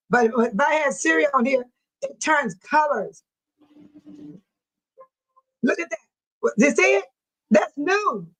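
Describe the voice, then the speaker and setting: A woman's voice: high-pitched, low-quality recording. An older woman, a grandmother of seven, hosting a casual livestream, reading viewer comments and laughing often. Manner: laughs often, animated and teasing. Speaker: livestream host.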